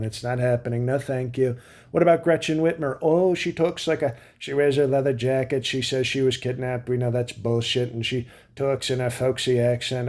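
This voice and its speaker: A man, a comedian, delivering a sarcastic political commentary rant with mocking asides and animated bursts of emphasis. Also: medium pitch.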